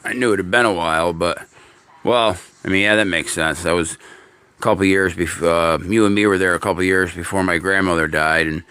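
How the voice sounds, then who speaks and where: A man's voice: low-pitched, steady tone, brisk, sharp tone, clear, resonant tone, no room sound. A man chatting casually on a live stream, answering viewers and talking fondly to his cat. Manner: talks fondly to his cat between chat. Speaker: livestreamer.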